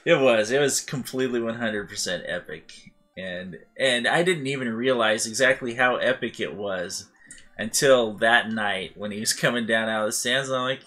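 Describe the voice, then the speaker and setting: A man hosting a let's play, chatting casually over gameplay and laughing often as he tells stories with lively acted-out voices. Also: medium pitch, normal speed. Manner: animated, acting out voices in his anecdotes.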